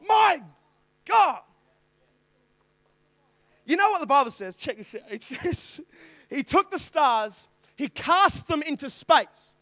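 High-voiced man preaching with loud bursts. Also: sing-song, normal speed, pauses often, dry recording. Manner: digressive, with sudden loud bursts when reading scripture. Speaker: youth pastor. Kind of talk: sermon.

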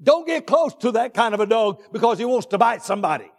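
A man with a very high voice preaches in a church, his words ringing out in a long hall reverb. He drags out his phrases and repeats them, then shouts his key points. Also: expressive. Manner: drawn-out deliberate phrasing with repetitions. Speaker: pastor. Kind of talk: sermon. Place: church sanctuary.

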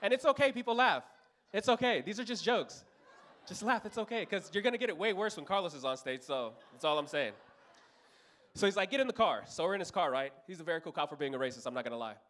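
This stand-up comedian, a man in his thirties from Los Angeles, tells a profane story on a comedy club stage before an audience. He talks fast with a voice that sits high, giving his characters animated voices as he goes.

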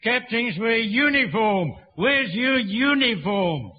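A crotchety, hard-of-hearing old man, barking rude questions in a very high, cracked voice. He is querulous and suspicious of everyone. The sound is a muffled old archive broadcast. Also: lively intonation, slow pace, exaggerated voice. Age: older. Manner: querulous, shouting through a trapdoor. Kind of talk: radio sitcom acting.

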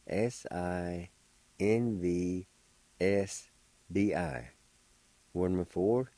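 A man's voice: low voice, dark tone, no echo, poor audio. A middle-aged man, patiently spelling and pronouncing words as a radio language teacher. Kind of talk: slow spelling and pronunciation lesson.

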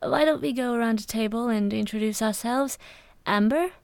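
A woman voicing a frail, gentle father who speaks softly in a thin, reedy voice. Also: very high-pitched, normal speed, creaky, clean tone, no echo. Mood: gentle welcome. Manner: gentle, soft-spoken.

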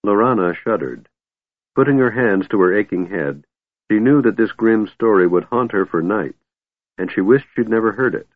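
A man's voice: on the low side, expressive, moderate pace, dry recording. Man narrating with tinny phone-like sound. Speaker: audiobook narrator. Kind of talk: scripted fantasy narration. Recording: narrow phone-like audio, dry.

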